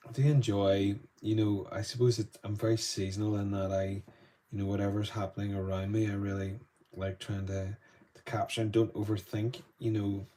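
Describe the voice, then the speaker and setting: A man's voice: on the low side, little pitch movement, normal speed, warm tone. A Northern Irish man chatting loosely through a live painting lesson, greeting viewers between strokes. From Northern Ireland. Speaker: art tutor.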